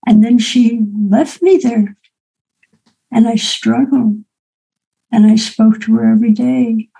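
Slow, gravelly older woman telling stories. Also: fairly high pitch, steady tone, dark tone, rough recording. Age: 80s. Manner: unhurried, reflective, with asides of "right?" and "okay?". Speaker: storyteller. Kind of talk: personal storytelling to an audience.

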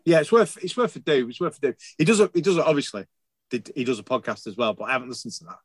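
A man talking quickly and eagerly on a casual podcast, sentences tumbling over each other and peppered with swearing. His voice is recorded close and dry, with no room sound at all. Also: medium pitch, breathy edge, no echo. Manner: swearing, rambling, enthusiastic. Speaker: podcast co-host.

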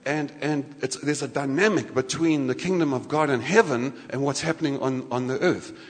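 A man preaching a sermon in a lively, conversational way, often restarting his sentences. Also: mid-range voice, moderate pace. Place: church hall. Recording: church hall reverb.

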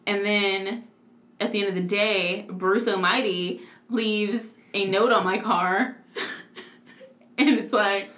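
A woman in her twenties telling a story in casual chat, animated and laughing, with lots of "like". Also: mid-range voice, slow, pauses often. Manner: animated, laughing, heavy use of "like". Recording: echoey room.

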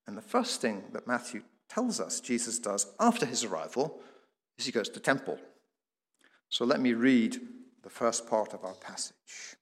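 A man's voice: mid-range voice, sing-song, moderate pace, long reverb tail. A man preaching a sermon, explaining the passage and posing rhetorical questions with occasional restarts.

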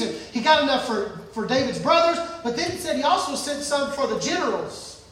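A man's voice: very high-pitched, lively intonation, a little fast, fairly bright tone. A man preaching a sermon, telling a story with animation and acting out the scenes. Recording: echoey hall from far off.

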